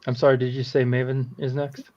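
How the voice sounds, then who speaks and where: A man playing a tabletop game, asking the game master questions in an unhurried way. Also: medium pitch, little pitch movement, dark tone, dull audio. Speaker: player.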